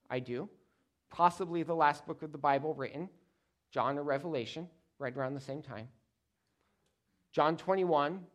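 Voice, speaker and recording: A male pastor delivering a sermon with a somewhat high voice. He preaches emphatically, pausing for effect and repeating key phrases. He swings between loud, stressed words and quiet, low-pitched endings.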